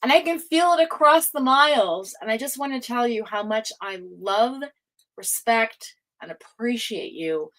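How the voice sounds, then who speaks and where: A woman's voice: a little high, lively intonation, measured pace, fairly bright tone. A woman hosting a tarot livestream, chatting casually with viewers in an emotional, rambling way, laughing often. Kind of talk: casual chat reading live comments.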